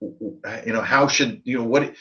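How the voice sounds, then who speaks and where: Slightly drunk and swearing freely, a man hosts a tabletop role-playing live stream, wandering through loose conversation. He speaks at a medium pitch and measured pace in a bright, forceful tone, and the recording sounds dull and lo-fi.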